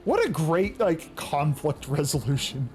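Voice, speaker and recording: A woman's voice: low-pitched, sing-song, unhurried, dark tone, faint music behind. A young woman streaming a game, chatting casually with viewers, laughing often and swearing now and then. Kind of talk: casual live-stream chat.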